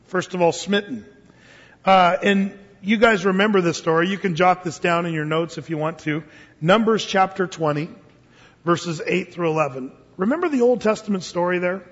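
A man preaches with animated delivery, laughing and jumping into character voices. His voice sits high and a little husky. It rings through a large hall with long reverb, heard on a dull, muffled recording. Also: normal speed. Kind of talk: sermon.

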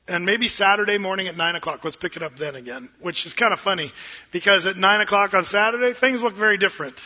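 A middle-aged man, a pastor preaching a sermon in an animated, joking way that acts out quoted voices. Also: high-pitched, fast talker, highs cut off.

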